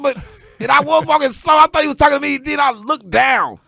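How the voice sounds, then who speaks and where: A man from Houston trades stories on a podcast in a gravelly, bright, forceful voice. His pitch leaps around as he builds each tale to a shouted punchline. The studio sound is close and dry. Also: a little fast, dry recording. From Houston, Texas. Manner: animated storyteller who rises into shouted punchlines. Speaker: podcast guest, stand-up comedian. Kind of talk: casual chat, comic storytelling.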